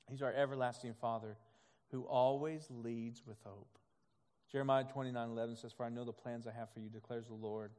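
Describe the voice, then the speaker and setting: A male pastor with a medium-pitched voice swings between soft, quiet passages and loud, emphatic ones as he preaches, acting out God's voice in quoted asides. Long hall reverb fills the recording.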